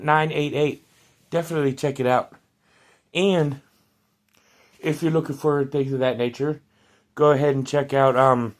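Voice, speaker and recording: A man's voice: medium pitch, darkish tone. A man hosting a casual vlog, talking loosely with frequent ums and restarts while reading aloud. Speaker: toy collector reviewing action figures.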